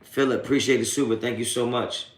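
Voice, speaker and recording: A man's voice: medium pitch, steady tone, quick pace, echoey room. A man hosting a live post-game sports reaction stream, reading chat and trash-talking trolls with streetwise slang and constant swearing. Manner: profane, streetwise trash talk; taunting, laughing off trolls. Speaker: sports talk livestream host.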